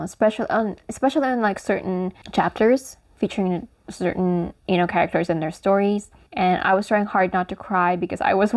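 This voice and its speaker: A woman's voice: on the low side, a little mellow. A woman book vlogger chatting casually and emotionally about books, with frequent fillers and restarts.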